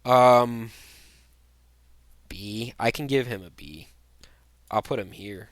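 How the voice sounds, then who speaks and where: A man's voice: medium pitch, takes it slowly, no room sound. A young man giving blunt, rambling tier-list commentary, full of fillers and restarts. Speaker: vlogger.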